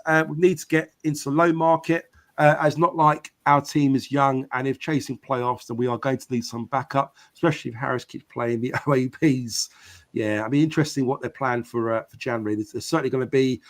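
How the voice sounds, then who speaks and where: A man's voice: medium pitch, steady tone, fairly quick. A man hosting a live football podcast, reading out viewers' comments and chatting back casually. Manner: chatty, reads out viewer comments and answers them. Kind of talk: casual live-stream chat.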